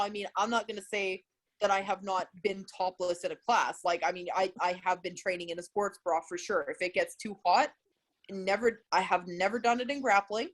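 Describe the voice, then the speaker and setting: A woman co-hosting a casual chat, frank and swearing casually. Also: medium pitch. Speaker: podcast co-host.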